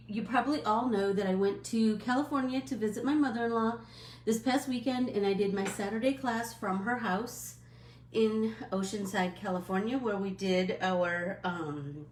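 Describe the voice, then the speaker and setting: A middle-aged woman hosting a casual live stream, chatting in a friendly, rambling way with many fillers and quick apologies. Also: mid-range voice, reverberant, slight background noise.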